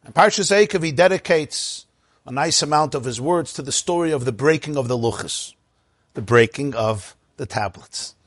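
A rabbi giving a Torah class in an unhurried storytelling manner, with pauses and fillers. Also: male voice, a little high, a bit bright, dry recording. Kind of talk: storytelling lecture.

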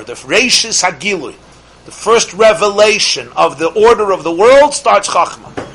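A man giving a religious lecture as a teacher, emphatic and full of rhetorical questions, slowing some phrases and rushing his asides. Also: high voice, big pitch swings, fairly bright tone, husky, low-quality recording. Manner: shifts between slow stretched phrases and quick asides.

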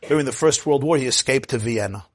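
A male rabbi spins a story in a sermon, his voice husky. He acts out each quote, dropping to murmurs and then rising to sudden exclamations. The recording is close and dry. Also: mid-range voice, quick pace, no echo.

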